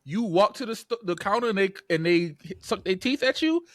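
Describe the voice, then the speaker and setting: A man, co-hosting a podcast, telling a story with swearing and rising to yelling. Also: high voice, lively intonation, normal speed, no room sound, clean studio sound. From New York area. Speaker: podcast co-host. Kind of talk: casual podcast chat.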